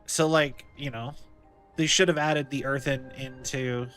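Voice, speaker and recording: A man's voice: medium pitch, steady tone, a little slow, fairly bright tone, faint music behind. A man streaming a game, chatting casually and rambling as he thinks aloud. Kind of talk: casual live gameplay commentary.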